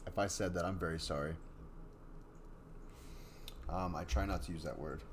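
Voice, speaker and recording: A man's voice: deep voice, normal speed, slight background noise. A man hosting a casual live stream, rambling and apologetic as he chats and reads stories. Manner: rambling and apologetic, with many fillers. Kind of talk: casual live stream chat and story reading.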